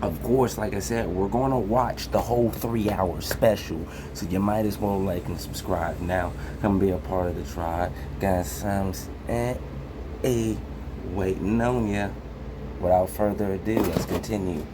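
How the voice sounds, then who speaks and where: A man's voice: low-pitched, steady tone, noisy background. A man hosting a reaction video, talking in a casual, laid-back way to his viewers. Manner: slow, laid-back, chatty.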